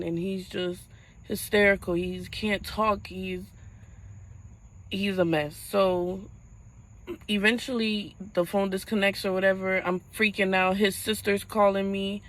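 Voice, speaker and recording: A young woman speaks straight to her camera in a mid-pitched voice. Her voice catches and halts as she holds back tears, and she often starts a sentence over. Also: little pitch movement, poor audio. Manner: halting, fighting back tears. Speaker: vlogger. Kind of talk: personal storytelling vlog.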